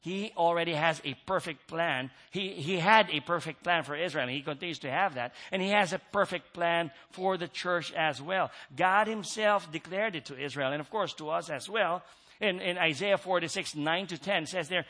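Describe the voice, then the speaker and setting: Male preacher, high voice, earnest sermon delivery, repeats phrases for emphasis. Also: animated, moderate pace, pushed and bright.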